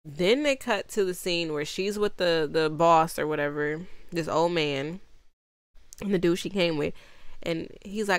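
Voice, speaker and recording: A woman with a slightly low voice recaps a movie in a loose, rambling way, plainly exasperated and laughing as she goes. Her tone is smooth and clear, and the sound is close and dry with no room around it. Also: measured pace, no room sound. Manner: chatty, exasperated, laughs often; acts out characters' lines. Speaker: movie reviewer.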